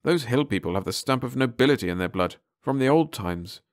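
A man's voice: mid-range voice, lively intonation, fairly quick, dry recording, studio quality, voice pushed up, natural voice. A man voicing a haughty male city guard who speaks in a drawling, condescending way.

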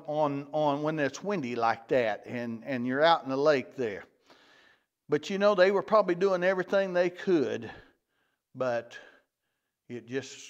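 A man teaching a Bible lesson in a folksy way, often repeating and restarting phrases. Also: a little high. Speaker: church teacher. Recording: dull lo-fi church recording.

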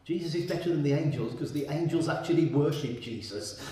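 In a very echoey church hall, a man with a fairly high, mellow voice preaches a sermon at a brisk pace and reads from the Bible. He is emphatic and repeats his key points.

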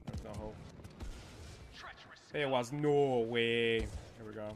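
A young man streaming a shooter game live, commenting excitedly and trash-talking the other players. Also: mid-range voice, takes it slowly, long pauses, a little hiss or hum.

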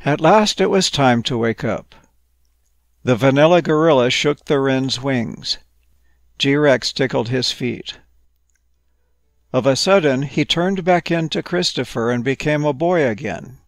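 Man, storyteller, gravelly, playful, whimsical, close and dry. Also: medium pitch, a little slow, no room sound. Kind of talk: bedtime story narration.

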